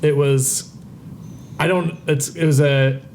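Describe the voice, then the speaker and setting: A man's voice: on the high side, steady tone, slow, a little mellow, a little hiss or hum. A man talking as a podcast guest, reflective and often correcting himself. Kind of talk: casual chat.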